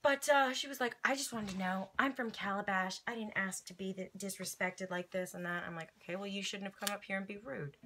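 A woman's voice: mid-range voice, fairly even intonation, a little fast, hardly any pauses, pushed and bright, a little hiss or hum. A young woman from Louisiana, a friend of the host, telling a story in a blunt, sassy way. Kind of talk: casual chat, storytelling.

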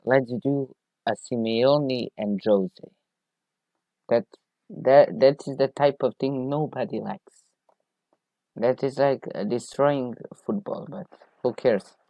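A man talking over his football management game, reacting to each chance and shouting player names when his team scores. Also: mid-range voice, slow, pauses often, dry recording. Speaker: gaming video creator.

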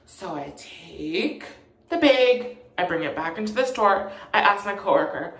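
A woman's voice: fairly high pitch, expressive, a little slow, a bit bright. A young woman casually telling a retail storytime, chatty and sassy, in an echoey room. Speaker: vlogger.

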